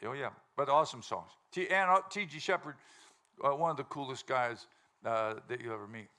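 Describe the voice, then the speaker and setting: Speaking a little fast in a mid-range voice that sounds pushed and bright, the show host and band singer rambles and jokes with a laughing live audience. He laughs often during this loose stage chatter.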